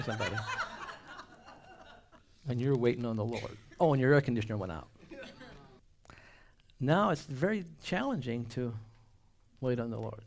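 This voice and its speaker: A man preaching a sermon with humorous asides and call-and-response, trading loud exclamations for hushed whispers. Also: medium pitch.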